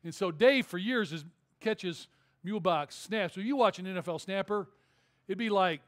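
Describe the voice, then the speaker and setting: A male pastor preaching a sermon in a church, telling a story in an animated, conversational way with jokes. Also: high-pitched, normal speed. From Detroit area. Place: church auditorium.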